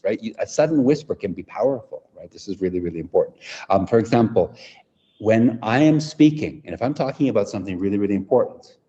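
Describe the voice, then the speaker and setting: Man, workshop presenter, animated delivery, deep-ish, reverberant hall. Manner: demonstrative, keeps checking in with "right?". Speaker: workshop presenter for English teachers. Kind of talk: interactive teacher-training workshop. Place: conference venue away from home. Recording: echoey hall, dull lo-fi sound.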